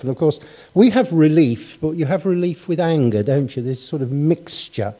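A middle-aged man preaches a sermon in a fairly high, animated voice with a dark tone and a breathy edge, speaking at normal speed. Conversationally, he tells a family story and poses rhetorical questions to his congregation.

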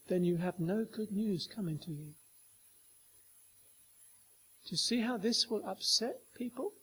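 A man with a notably high voice delivers a sermon. He talks emphatically, repeating phrases for weight and putting questions straight to his listeners. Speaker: preacher.

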